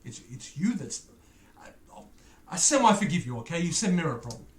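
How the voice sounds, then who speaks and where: A man's voice: on the high side, big pitch swings, brisk, roomy sound. A man hosting a music reaction video, chatting casually with playful, teasing, self-mocking banter.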